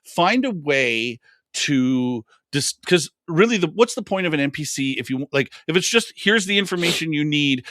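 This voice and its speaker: A man's voice: on the high side, very animated, normal speed, a bit bright, no room sound, clean studio sound. A man co-hosting a podcast about running games, chatting casually with many restarts and fillers. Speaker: podcast co-host, game master. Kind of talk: casual chat.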